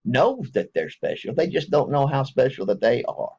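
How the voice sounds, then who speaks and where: Man, gravelly folksy talker, rambles through an apology to viewers, dull home recording. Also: normal speed. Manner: folksy, wanders off and restarts, swings from low mumbles to high laughing excitement. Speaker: online video maker.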